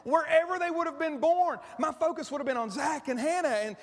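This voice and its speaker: A man's voice: very high-pitched, a little fast. A middle-aged man preaching a sermon as pastor, conversational and emotional, often restarting his sentences. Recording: church hall with long reverb.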